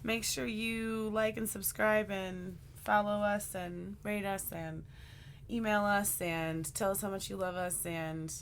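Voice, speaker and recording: A woman's voice: medium pitch, steady tone, slow, slight background noise. A woman in her thirties co-hosting a podcast in casual, playful chat, often joking and breaking into sing-song bits. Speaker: podcast co-host.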